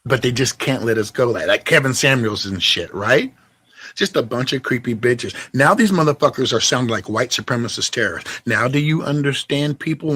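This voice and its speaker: A man's voice: mid-range voice, a bit bright, slightly rough, dry recording. A man ranting in a crude, heated, mocking way. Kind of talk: profane ranting commentary.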